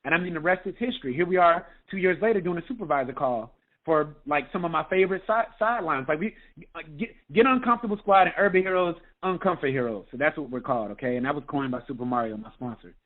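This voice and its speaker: High-voiced man on a tinny phone line. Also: quick pace. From United States. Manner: energetic, repeats "okay?" often. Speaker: health coach. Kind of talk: motivational talk on a group call.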